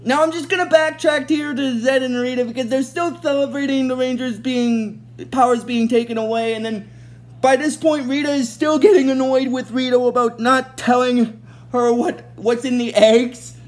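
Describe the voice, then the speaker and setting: A woman's voice: sits high, fairly even intonation, normal speed. Rambling woman recapping a show. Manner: rambling, many fillers and restarts. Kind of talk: casual episode recap.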